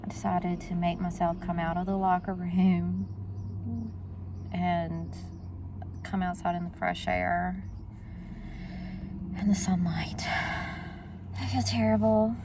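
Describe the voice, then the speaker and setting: A woman's voice: fairly low pitch, steady tone, unhurried, background noise. A woman, chatting casually to her viewers in a vlog. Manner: chatty, talks straight to viewers. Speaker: vlogger.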